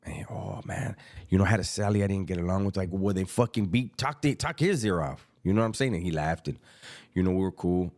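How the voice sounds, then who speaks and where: A middle-aged man, telling a story about prison in casual street slang, unhurried and reflective. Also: low-pitched, animated, darkish tone.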